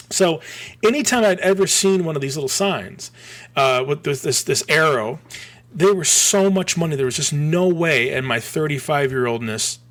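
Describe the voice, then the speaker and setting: A man in his forties from Michigan, telling a rambling story as a podcast guest, full of restarts and animated asides. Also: on the high side. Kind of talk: casual storytelling.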